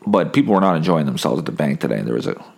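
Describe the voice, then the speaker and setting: A man's voice: extremely low pitch, animated, racing, vocal fry, a little mellow. A sick young man hosting a casual solo podcast, telling wry, rambling stories while holding back coughs. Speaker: podcast host.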